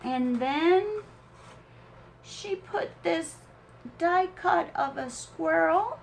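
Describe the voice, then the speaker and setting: Tearful, gushing woman speaking very slowly. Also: very high-pitched, animated, vocal fry, slight background noise. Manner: gushing, slow and tearful with awe. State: teary. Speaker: crafting channel host. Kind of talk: emotional unboxing of a craft swap gift.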